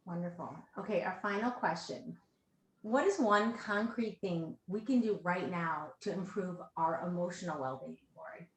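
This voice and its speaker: A woman's voice: on the low side, normal speed. Woman host in an echoey room. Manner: warm, effusive thanks and praise. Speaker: event host and moderator. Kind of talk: hosting a virtual event interview. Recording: echoey room, faint background noise.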